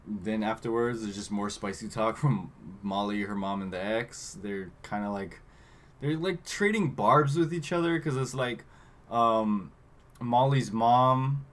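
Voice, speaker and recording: A man's voice: fairly low pitch, a little slow, a bit bright. A man co-hosting a podcast, casually recapping a movie in a rambling style full of fillers, acting out the characters' lines. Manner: rambling, filler-heavy, acts out quotes. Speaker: podcast co-host.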